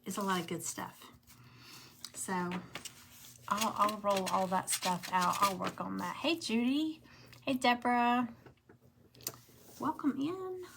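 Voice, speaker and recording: A middle-aged woman with a Southern drawl chats at a relaxed, slow pace while working on a craft project. She rambles between thoughts and greets viewers by name, with a faint hiss in the background. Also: mid-range voice, creaky. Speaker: craft livestream host. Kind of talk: casual livestream chat while crafting.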